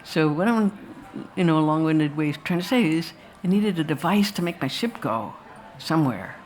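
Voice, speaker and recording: A woman's voice: low-pitched, lively intonation, normal speed, a little mellow, a little hiss or hum. A woman filmmaker speaking to an audience after a screening, rambling and anecdotal with restarts and asides. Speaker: filmmaker talking about her film. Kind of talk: live post-screening talk to an audience. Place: festival talk before an audience.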